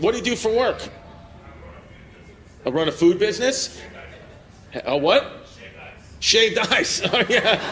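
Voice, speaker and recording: A man doing stand-up crowd work, brash and profane, laughing at his own jokes. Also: sits high. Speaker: stand-up comedian. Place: comedy club stage before a laughing crowd. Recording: club mic with loud crowd laughter and room noise.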